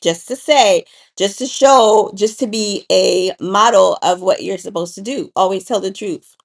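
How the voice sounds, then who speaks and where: A woman's voice: mid-range voice, unhurried, gravelly. A woman co-hosting a casual livestream chat with her partner, teasing him and laughing often. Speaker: co-host.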